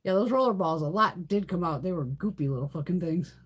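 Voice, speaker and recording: A middle-aged woman hosting a beauty livestream, telling stories in a loose, animated way, swearing freely and laughing often. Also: on the low side, a little fast, breathy edge. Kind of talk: casual chat.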